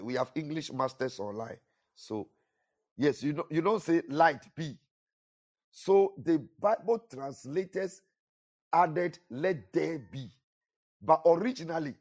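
Slow, emphatic male preacher. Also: fairly high pitch. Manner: emphatic, repeats phrases, rising and falling delivery. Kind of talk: sermon. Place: church.

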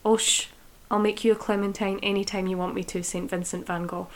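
A woman's voice: medium pitch, level tone, a little fast, natural voice. A woman reading as a teasing young Frenchman. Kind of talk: reading a novel excerpt aloud.

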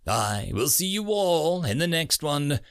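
A man narrating a story in a slow, expressive reading. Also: a little high, smooth. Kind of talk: audiobook narration.

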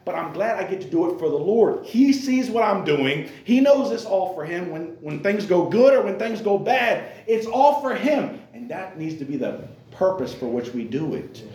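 A man's voice: high-pitched, very animated, moderate pace, few pauses, a little mellow. Earnest male preacher in a roomy church. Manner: earnest and repetitive, keeps calling out to the listeners. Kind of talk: sermon to young people. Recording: roomy echo.

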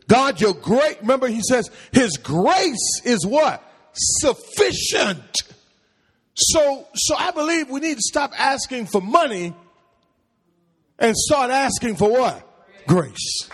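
High, animated preacher in a reverberant hall. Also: male voice, slow, breathy edge. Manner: preaching with rising calls and questions to the congregation. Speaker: pastor. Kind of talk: call-and-response sermon. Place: church sanctuary.

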